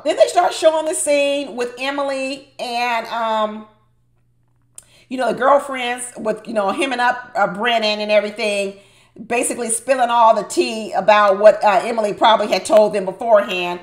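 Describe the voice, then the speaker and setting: A woman's voice: a little high, moderate pace, echoey room. A woman hosting a recap of a reality show, giving opinionated commentary and talking straight to her viewers with lots of emphasis.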